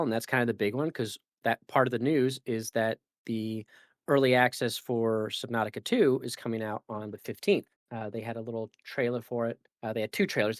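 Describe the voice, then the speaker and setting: A man's voice: medium pitch, no echo. A man hosts a casual gaming podcast in an ordinary mid-range voice. He rambles, fills gaps with "like" and "um" and corrects himself mid-sentence. The sound is dry and close. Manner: rambling, filler-heavy and self-correcting. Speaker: podcast host.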